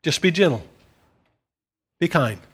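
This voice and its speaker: A man, a pastor, preaching a gentle, conversational sermon with casual asides to his listeners. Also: fairly high pitch, lively intonation, unhurried, husky.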